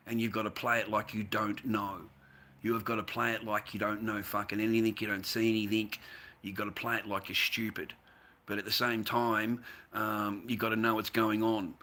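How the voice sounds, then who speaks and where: A man's voice: lowish voice, bright, forceful tone. An Australian man telling a long story in a profane, repetitive, casual monologue. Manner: profane, repetitive, addresses the listener as mate and bro. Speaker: vlogger recounting a story.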